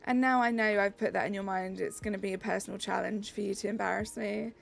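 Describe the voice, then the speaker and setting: A woman's voice: medium pitch, steady tone, quick pace, creaky. A young woman from England with a Southeast English accent, chatting upbeat with her live-stream chat while she plays.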